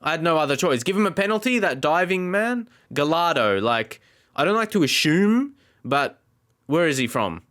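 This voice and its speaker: A man's voice: fairly high pitch, very animated, moderate pace, a bit bright. Exasperated man commenting gameplay. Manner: exasperated, talks to the game. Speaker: gaming YouTuber. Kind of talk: let's play commentary.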